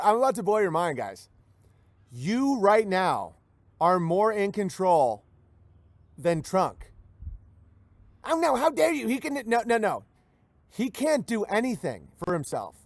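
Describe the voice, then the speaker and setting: Male livestream host, high-pitched, animated and mocking, dry sound. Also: no echo. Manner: animated, rambling, mocking, breaks into laughs. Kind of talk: livestream commentary, reading viewer messages.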